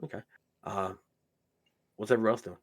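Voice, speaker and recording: A man running a tabletop game as game master, narrating in a loose, relaxed way full of casual filler words. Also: on the low side, moderate pace.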